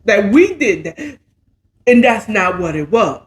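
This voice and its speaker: A woman's voice: mid-range voice, very animated, a little slow, a little hiss or hum. A woman voicing a frustrated young man who lectures his friends for a blunder, in a raised, exasperated tone.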